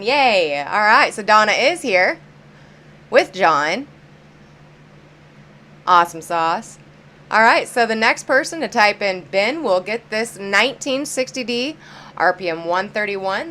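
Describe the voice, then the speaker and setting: A woman's voice: mid-range voice, pushed and bright. A woman hosting a live-stream auction, chatty and upbeat, greeting viewers by name as she counts down bids.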